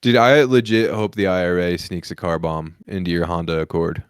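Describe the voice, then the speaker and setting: A man with a fairly low voice rambles through crude, profanity-laced stories on a comedy podcast, often breaking into laughter. The sound is dry and close, with no room around it. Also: fairly even intonation, normal speed, clear, resonant tone, dry recording. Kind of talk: crude casual chat.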